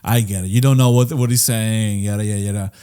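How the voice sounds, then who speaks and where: A man's voice: on the low side, steady tone, fast, mellow, clean tone. A man co-hosting a podcast in casual chat, laid-back and profane, calling people bro. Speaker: podcast co-host.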